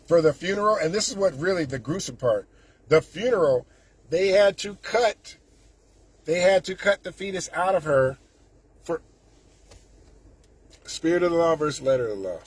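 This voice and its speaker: A man's voice: fairly high pitch, animated, normal speed, long pauses, breathy edge. A man, ranting indignantly and sarcastically as a political commentator, with frequent restarts. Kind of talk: casual political rant.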